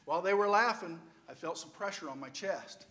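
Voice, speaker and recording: A man's voice: high-pitched, lively intonation, fairly quick, pushed and bright. An older man preaching, telling a playful, humorous personal story as a storytelling sermon.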